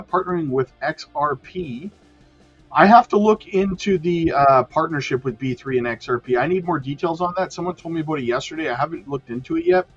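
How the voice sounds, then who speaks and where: Hyped man hosting a livestream, husky. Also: fairly high pitch. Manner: hyped, repetitive, addresses viewers as guys. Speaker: crypto livestream host. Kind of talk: casual livestream chat. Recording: dull lo-fi sound with faint music.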